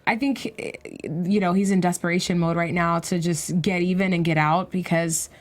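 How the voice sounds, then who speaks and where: A woman's voice: on the low side, steady tone, moderate pace. A woman co-hosting a casual TV recap chat, chatty and given to acting out what the characters are thinking. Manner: chatty, acts out characters' thoughts in quotes. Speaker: co-host.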